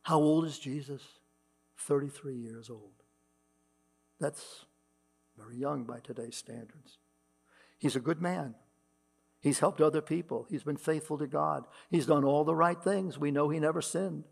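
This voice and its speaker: A man's voice: on the high side, measured pace, creaky, long pauses. A man preaching a sermon as pastor, reading scripture aloud with rising emphasis, with a mains hum behind him. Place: church.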